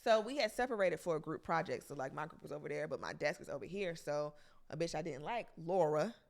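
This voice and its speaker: A young woman tells a school story in a casual podcast chat. Her voice moves lively up and down, and her talk is blunt and full of swearing. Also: low-pitched, gravelly. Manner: blunt and profane, quick reactions. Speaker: podcast co-host.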